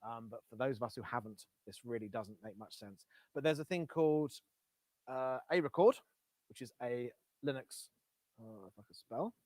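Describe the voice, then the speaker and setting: A man's voice: mid-range voice, moderate pace, darkish tone, dry recording. A man presenting a live coding session to a meetup audience on a headset mic, casual and self-correcting, with wry asides. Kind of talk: live-coding tech talk. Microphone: Bluetooth headset.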